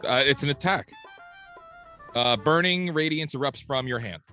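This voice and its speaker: A male tabletop player chatting eagerly about his moves, quick to laugh. Bright, forceful voice with faint music in the background. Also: mid-range voice, expressive. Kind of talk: casual tabletop chat.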